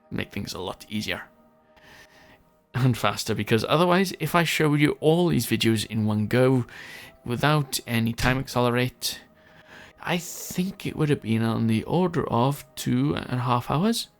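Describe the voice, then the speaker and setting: A man's voice: mid-range voice, creaky. A man giving casual gameplay commentary, chatty and rambling, mocking himself and often losing his thread.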